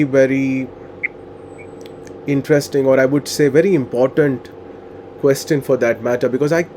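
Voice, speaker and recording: A man's voice: on the high side, mellow, slight background noise. A man interviewing a guest, earnest and wordy, with many "you know" and "uh" fillers. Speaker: interviewer and coach. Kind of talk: conversational interview questions.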